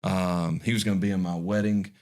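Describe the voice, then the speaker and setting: A man's voice: deep voice, flat delivery, brisk, darkish tone. A man in his forties, a podcast guest, telling a heartfelt personal story in an earnest, folksy way, often restarting his phrases. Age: 40s.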